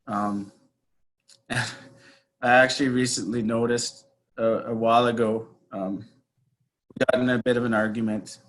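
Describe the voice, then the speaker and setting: Slow, halting man reflecting on the past. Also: mid-range voice, a little hiss or hum, low-quality recording. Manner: halting, hesitant, often trails off softly. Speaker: interview guest. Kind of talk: reflective personal account.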